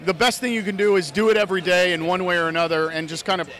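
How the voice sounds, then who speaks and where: An American man with a high, forceful voice answers interview questions. He talks earnestly and at length, often restarting phrases as he goes. His tone is bright and energetic. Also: very fast. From United States (Idaho). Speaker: actor and fan filmmaker, interview guest. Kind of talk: casual interview.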